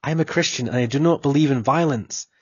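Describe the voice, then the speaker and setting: A man voicing a calm, defiant young Christian man held in prison, speaking in a quiet, resolute way. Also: medium pitch, fast, husky, dry recording, dull audio, natural voice.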